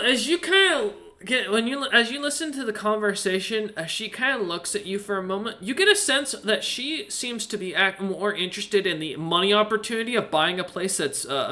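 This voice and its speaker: Man, game master, tabletop narration, bright tone, fillers and self-corrections. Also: high-pitched.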